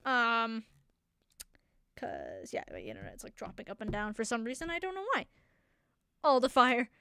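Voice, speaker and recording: A woman's voice: a little high, wildly swooping pitch, normal speed, gravelly, sharp tone, smooth, no echo, clean studio sound. A young woman hosting a solo talk show into a desk microphone, chatting casually and animatedly, rambling and laughing often. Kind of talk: casual chat.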